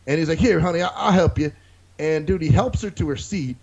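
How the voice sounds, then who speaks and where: A man's voice: a little high, a little fast, gravelly, darkish tone. A man co-hosting a casual podcast, telling a profane story and acting out other people's lines. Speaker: podcast co-host. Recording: dull lo-fi recording.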